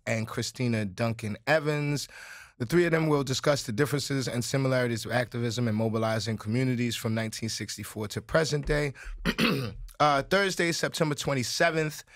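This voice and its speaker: A man's voice: mid-range voice, fairly bright tone, no room sound. Easygoing male co-host, dry close sound. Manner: easygoing, joking, reads announcements. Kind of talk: casual discussion and event announcements.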